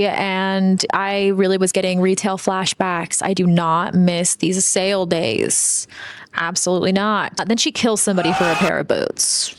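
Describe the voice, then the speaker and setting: A woman's voice: medium pitch, no echo. A young woman hosting a casual film recap, chatty and full of sarcastic asides. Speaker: video host.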